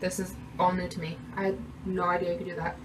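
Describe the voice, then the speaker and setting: A woman in her twenties chatting casually to her phone camera in a vlog, excitable and quick to laugh. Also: fairly low pitch, background noise. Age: 20s. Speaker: vlogger.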